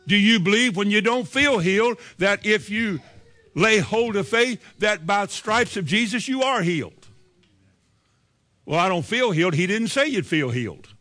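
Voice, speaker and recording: Brief: male pastor, fairly high voice, sermon delivery, rhetorical questions, voices doubters' replies. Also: animated, moderate pace, sharp tone.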